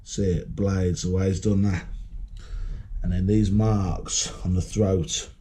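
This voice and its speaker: A man's voice: low-pitched, flat delivery, slow, warm tone, a little hiss or hum. A British man ranting to camera in a rambling vlog, swaggering and combative, swearing heavily. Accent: British English. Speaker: vlogger. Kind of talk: rambling profane vlog monologue.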